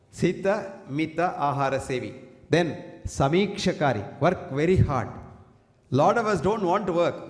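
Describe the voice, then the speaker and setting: A man with an Indian English accent giving a preachy motivational health talk, quoting Sanskrit verses. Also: on the high side. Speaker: health speaker. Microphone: single handheld or stand mic. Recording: echoey hall.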